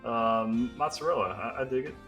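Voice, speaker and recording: A man's voice: medium pitch, moderate pace, fairly bright tone, faint music behind. A man co-hosting a live stream, joking in a laid-back way. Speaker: stream co-host. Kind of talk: casual live-stream chat.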